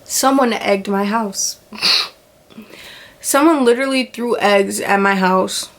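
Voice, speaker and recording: A woman's voice: medium pitch, slow pace. Young woman vlogger, casual storytime, acts out the voices in her story. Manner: animated retelling, acts out quoted voices, filler "like" often.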